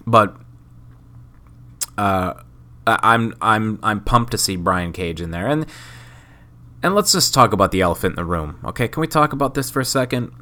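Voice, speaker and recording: Sick, rambling man with a bright voice. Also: fairly low pitch, expressive, moderate pace, long pauses. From Wisconsin, USA. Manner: rambling, self-mocking, jokey. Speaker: podcast host. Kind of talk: casual solo podcast commentary.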